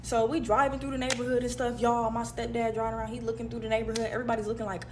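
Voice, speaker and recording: A woman telling a storytime to camera, rapid, heated and emphatic. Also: on the high side, a little hiss or hum.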